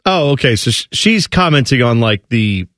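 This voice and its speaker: A man's voice: mid-range voice, very animated, fairly bright tone, no echo. A man co-hosting a sports radio show in casual, joking banter, close on a studio mic. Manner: joking, quick reactions, laughs along.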